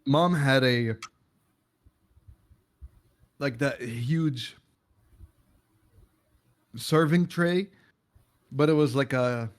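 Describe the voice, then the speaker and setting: A man's voice: mid-range voice, very slow, pauses often. A man in casual chat, telling a rambling story and laughing often.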